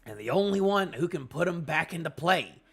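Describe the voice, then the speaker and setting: A man voicing a brash, scheming male pirate captain in a put-on British accent, gruff and boastful. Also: on the high side, lively intonation, a little fast, a bit bright, exaggerated voice.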